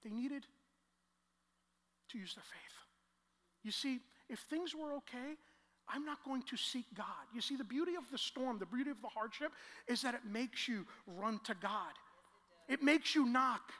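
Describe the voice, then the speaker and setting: A man preaching a sermon as a pastor, telling a story and building to loud, emotional peaks. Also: very high-pitched, normal speed, long pauses. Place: large church hall. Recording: long church hall reverb.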